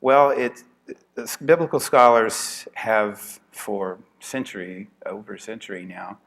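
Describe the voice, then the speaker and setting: A man's voice: fairly low pitch, steady tone, measured pace, gravelly, a bit bright. Wry man reading scripture with asides. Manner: wry, dry asides, varies volume a lot, drops to whispers. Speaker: religious studies lecturer.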